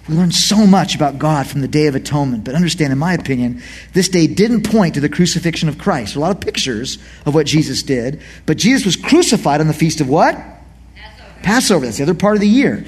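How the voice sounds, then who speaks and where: Brief: middle-aged man, sermon voice, high and expressive, bursts of shouting. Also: husky. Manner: animated, swings from quiet asides to shouted emphasis. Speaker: pastor. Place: church.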